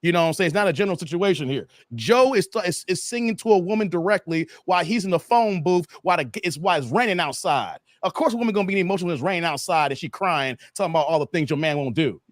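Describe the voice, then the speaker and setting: A man hosting a casual livestream chat, animated and laughing often as he reads viewer comments and tells stories. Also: sits high, quick pace, hardly any pauses, no room sound, clean studio sound. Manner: storytelling, acts out quotes. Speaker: host.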